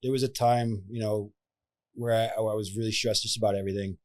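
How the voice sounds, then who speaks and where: A man with a somewhat low voice hosts a casual podcast. He chats easily and affirms his guest in a relaxed, friendly way. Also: a little fast. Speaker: podcast host.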